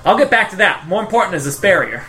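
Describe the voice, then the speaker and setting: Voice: mid-range voice, sing-song, quick pace, bright, forceful tone, soft background music. A player voicing a young female tinkerer who is nervous and evasive, talking in a raised, eager voice full of hedging fillers.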